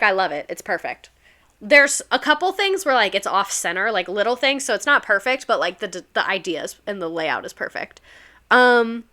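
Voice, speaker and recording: A woman's voice: medium pitch, bright, forceful tone. A young woman, a former teacher, chatting casually on a livestream, reading stories aloud, laughing often and swearing freely.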